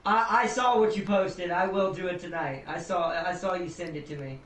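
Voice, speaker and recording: A man's voice: high voice, fairly even intonation, moderate pace, fairly bright tone. A man chatting casually with friends on a gaming stream, rambling and laughing often. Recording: distant mic in an echoey room.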